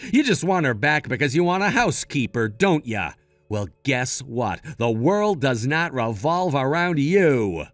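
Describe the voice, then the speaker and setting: A man's voice: mid-range voice, sing-song, a little slow, dry recording. A man voicing a level-headed, protective son in a read-aloud text-message story, firm and matter-of-fact. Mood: scolding. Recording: dry close mic with faint music.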